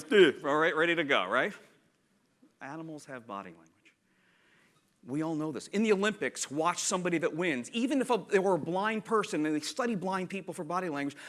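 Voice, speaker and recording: A man speaks at a conference, with a voice a little higher than most men's. His tone is bright and forward. He delivers the talk in an animated, playful way and acts out little scenes as he goes. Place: conference room.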